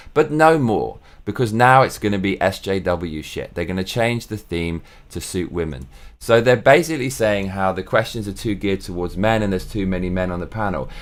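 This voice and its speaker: An English man hosting his own vlog, ranting in a profane, casual monologue. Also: mid-range voice. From England. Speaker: show host.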